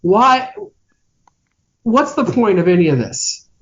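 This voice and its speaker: A man co-hosting a podcast, chatting casually about a film in a sardonic, dismissive way that trails off into low grumbles. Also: big pitch swings, slow pace, a bit bright, dull audio. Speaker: podcast co-host. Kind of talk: casual movie-review chat.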